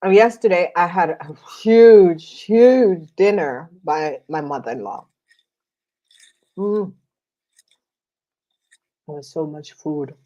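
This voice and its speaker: Woman tarot reader, chatty vlog style, eats while talking, lower voice, unhurried delivery. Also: mellow, highs cut off. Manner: chatty, many fillers, slow and rambling. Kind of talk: casual chat while eating.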